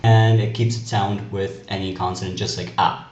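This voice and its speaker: A man's voice: low-pitched, little pitch movement, normal speed, a little mellow, dull audio. A man from Canada teaching a class through a video lesson, explaining carefully and spelling out letters one by one. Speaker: French teacher. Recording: echoey room with faint noise.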